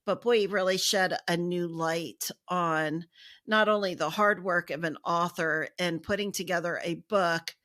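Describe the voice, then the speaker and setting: Bright-voiced American woman host. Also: lowish voice. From United States. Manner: effusive, warm thanks. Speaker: podcast co-host. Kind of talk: casual chat.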